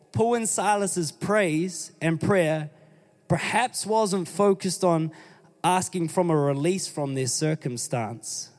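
A man preaching a sermon, reading scripture and urging his congregation on with emphatic exhortations. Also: a little high. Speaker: pastor. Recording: long hall reverb.

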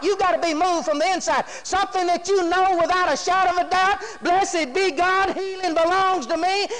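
A man's voice: extremely high pitch, fairly bright tone. A man preaching a sermon, folksy and emphatic, often throwing rhetorical questions to the congregation. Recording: long hall reverb.

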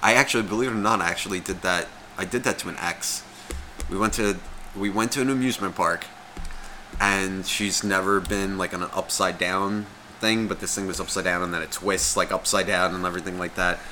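A man's voice: deep voice, a little fast, a little hiss or hum. A man in his thirties telling a story in casual podcast chat, swearing often and acting out other people's lines. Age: 30s. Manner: animated, profane, acts out quoted voices. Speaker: podcast co-host.

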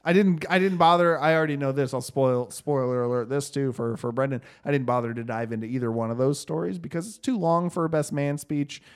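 A man in his thirties telling a story as podcast host, in an animated, casual way with quick asides and swearing. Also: medium pitch, clear, resonant tone.

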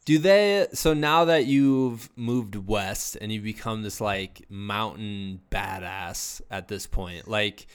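A man's voice: lowish voice, takes it slowly, hardly any pauses, clean tone. A man from Iowa hosting a casual interview, easygoing, with short affirmations and frequent laughs. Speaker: podcast host.

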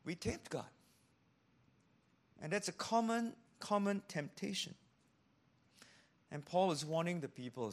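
Pastor, male, slightly high voice, animated delivery that dips into hushed emphasis. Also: moderate pace, long pauses. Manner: acts out quoted voices in preaching. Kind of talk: sermon.

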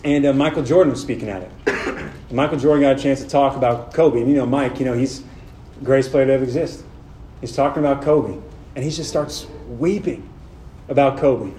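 A young man from Southern California preaching to a men's retreat in a casual, animated way, talking right to the crowd. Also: medium pitch, fairly quick, roomy sound, slight background noise. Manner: casual, animated, talks directly to the audience. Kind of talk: sermon.

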